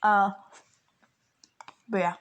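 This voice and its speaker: A woman's voice: mid-range voice, little pitch movement, drawn-out words. Woman rambling through a fan story idea, lots of ums and likes. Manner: rambling, many fillers and restarts. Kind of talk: casual fan fiction storytelling.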